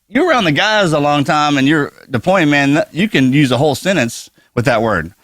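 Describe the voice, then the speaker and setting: Male podcast co-host with a lively, bright voice and animated storytelling. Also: a little high, moderate pace, no room sound. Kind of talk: casual podcast chat.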